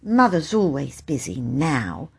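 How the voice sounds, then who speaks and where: Woman voicing a youngest sister, storybook, quiet, wistful, devoted. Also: low voice, huge pitch swings, a little slow, full character voice.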